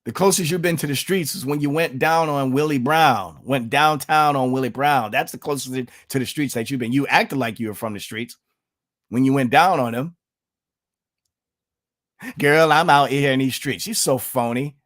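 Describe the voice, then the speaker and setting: A man's voice: medium pitch, brisk, few pauses, a bit bright. A man from the United States giving emphatic political commentary on his vlog, repeating himself and addressing viewers as folks.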